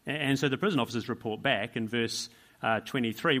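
A man's voice: mid-range voice, animated, quick pace, a bit bright. A man preaching a sermon, emphatic, asking rhetorical questions and repeating key phrases for weight.

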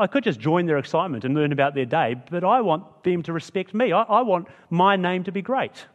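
A man's voice: a little high, in a large hall. A man preaching a sermon in a chatty, conversational way, often asking the listeners rhetorical questions. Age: adult with school-age kids.

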